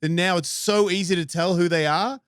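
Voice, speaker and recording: A man's voice: high voice, steady tone, a little fast, fairly bright tone, smooth, dry recording. A man in his fifties telling a long personal story as a podcast guest, blunt and profane, rambling through it in casual chat. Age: 50s.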